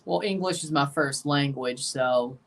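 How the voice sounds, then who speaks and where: A man's voice: a little high, unhurried, creaky, a bit bright, distant mic. A man with a Southern US accent hosting a live match watchalong, chatting with viewers and calling out the minutes. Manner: chatty, responding to chat, calls out match minutes. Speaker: livestream host reacting to a soccer match. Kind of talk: casual live watchalong chat.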